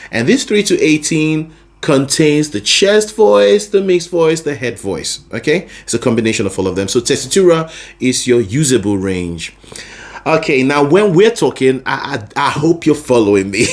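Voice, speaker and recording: A man teaching a singing lesson, explaining vocal registers patiently and often checking that the listener is following. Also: a little high. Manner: explains patiently, often checking in with "you see what I'm saying?". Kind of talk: vocal lesson with sung demonstrations.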